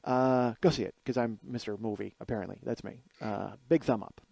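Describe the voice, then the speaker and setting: A man's voice: medium pitch, brisk, gravelly, mellow, no echo. A man in his forties, a podcast host, telling a comic personal story in a profane, rambling, self-deprecating monologue. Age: 40s.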